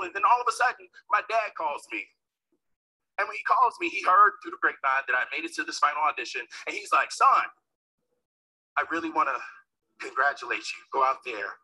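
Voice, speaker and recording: On a low-quality recording, a man with a high, breathy voice gives a dramatic motivational speech. He tells a personal story, performs the quoted voices himself, and climbs toward shouting.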